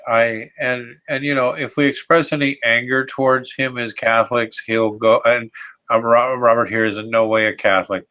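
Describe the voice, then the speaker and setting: A man hosting a heated panel discussion, indignant and halting, often restarting his sentences. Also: medium pitch. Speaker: host. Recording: dull lo-fi audio.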